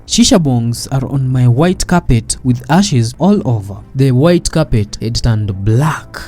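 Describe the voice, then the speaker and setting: A man's voice: medium pitch, animated, a little slow, mellow, soft background music. A man reading a scripted commentary voice-over in a wry, dramatic storytelling manner. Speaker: narrator.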